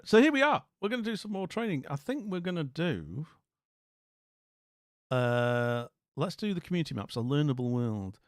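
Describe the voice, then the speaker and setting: A man's voice: medium pitch, no room sound. Man, Scottish accent, middle-aged, livestream host, chatty storyteller, dry close sound. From Scotland. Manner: chatty, storytelling while reading chat aloud. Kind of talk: casual livestream chat.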